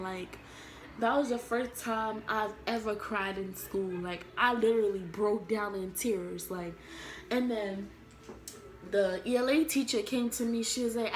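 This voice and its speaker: Young adult woman, vlogger, casual storytime, rambling, filler-heavy, slightly high voice, echoey room. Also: fairly even intonation, a little slow, slight background noise.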